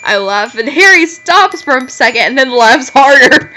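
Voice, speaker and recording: A woman's voice: high voice, lively intonation, normal speed, hardly any pauses, bright, forceful tone, rough recording. A woman reading fan fiction aloud for laughs, breaking off to mock it and laughing often. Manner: laughs often, mocking asides. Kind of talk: comedic reading with commentary. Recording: background guitar music.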